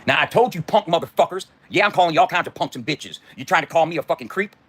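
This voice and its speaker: Angry husky man ranting fast. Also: a little high, lively intonation, a bit bright. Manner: heated, profane, confrontational. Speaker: livestreamer. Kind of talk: angry livestream rant.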